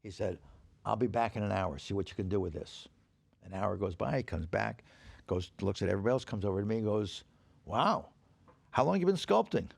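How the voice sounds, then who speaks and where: A man guesting on a podcast, telling anecdotes in an animated, profane way and acting out the people in them. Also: lowish voice, fast, vocal fry. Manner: animated, profane storyteller who acts out quoted dialogue. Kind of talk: anecdotal storytelling. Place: podcast stage.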